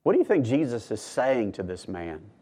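A man delivering a sermon from the pulpit of a church. His voice sits at a middle pitch, and he teaches earnestly, pushing key words hard and then dropping low and quiet to press a point. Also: very animated, normal speed, husky. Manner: earnest teaching with emphatic rises and hushed drops. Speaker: pastor.

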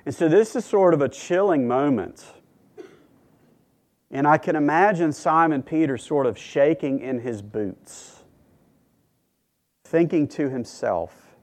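Brief: male preacher, slow and deliberate sermon delivery, a bit higher voice, earnest and measured. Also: expressive, darkish tone. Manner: measured, earnest, with dramatic pauses.

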